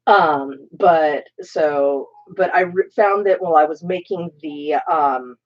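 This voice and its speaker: A woman's voice: low-pitched, slow pace. A woman with a grainy voice, chatting casually and joking with plenty of fillers as co-host while crafting. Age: adult with children. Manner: rambling, joking, many fillers. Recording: slightly muffled stream audio.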